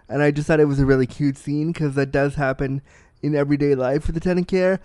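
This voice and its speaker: A man in his thirties talks through a film in a loose, candid way, blunt and freely profane. His voice sits a little high for a man and comes through smooth and resonant. The sound is close and dry, with no room around it. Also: fairly even intonation, fast, dark tone, no echo. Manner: blunt, profane, self-deprecating storyteller. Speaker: film reviewer. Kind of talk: candid casual film review.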